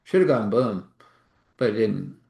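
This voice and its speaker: A man voicing a calm, unflappable believer with a dry manner. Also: lowish voice, measured pace, vocal fry, reverberant.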